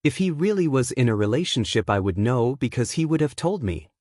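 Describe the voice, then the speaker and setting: A pushy, possessive teenage girl read by a man talks with entitled insistence. The voice stays at a plain middle pitch, close and dry. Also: big pitch swings, fairly quick, a little mellow, no echo. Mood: indignant.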